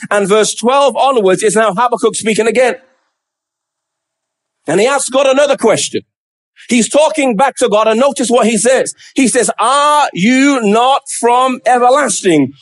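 A man preaching a sermon, acting out a prophet's pleading questions and dropping low and slow to stress key words.

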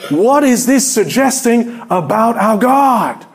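A male preacher with a high voice delivers a sermon in an unhurried, drawn-out way. He keeps asking his listeners questions. He swings between ringing exclamations and hushed, low asides. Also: expressive, husky. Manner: emphatic, asks the congregation many rhetorical questions. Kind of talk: sermon with slides.

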